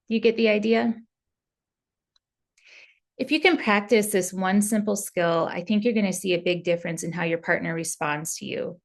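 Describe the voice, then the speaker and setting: A woman's voice: medium pitch, moderate pace, creaky. A woman therapist talking casually about relationship communication, candid and loose, with fillers and example phrases. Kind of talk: relationship advice talk.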